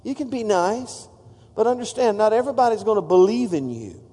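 A man's voice: sits high, sing-song, a little fast, mellow, long reverb tail. A man preaching a sermon, exhorting the congregation with call-outs. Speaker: pastor.

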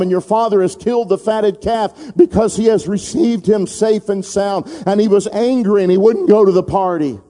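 A male preacher with a high, mellow voice tells a parable in dramatic style. He calls out to the congregation to repeat lines after him. His voice rings with the long reverb of a church hall. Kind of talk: sermon.

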